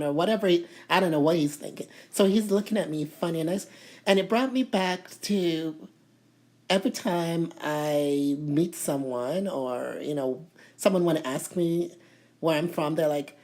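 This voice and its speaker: A woman from Toronto telling a story to camera in a casual, animated way, full of "you know" fillers and indignation. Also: sits low, moderate pace. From Toronto, Canada. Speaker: vlogger.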